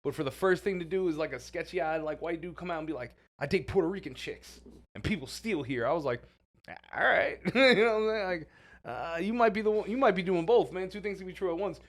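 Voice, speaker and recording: A man, co-hosting a podcast in casual banter, telling animated stories, swearing freely and laughing often. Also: sits high, a little fast. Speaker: podcast co-host.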